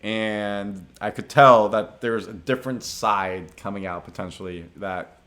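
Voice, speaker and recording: A man's voice: lowish voice, a little slow, fairly bright tone. A young man hosting a podcast, casually telling a dating story in a laid-back, slangy way with lots of filler words. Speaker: podcast host.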